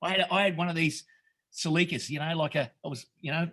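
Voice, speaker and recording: Middle-aged aussie bloke, raw and earnest, swears a lot, keeps restarting sentences, voice sits a bit high. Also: male voice, fast talker, a bit bright. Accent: Australian. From Australia. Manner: earnest, swears freely, calls people mate; rambling with many restarts. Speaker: podcast guest, retreat founder. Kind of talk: emotional storytelling.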